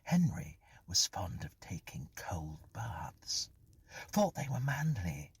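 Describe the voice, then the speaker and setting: A woman's voice: rumbling low, very animated, takes it slowly, breathy edge, heavily acted. A man voicing a sly, mocking dead young woman in a spoken ghost story, raised well above his own voice. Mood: teasing, goading. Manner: teasing, scornful, mischievous.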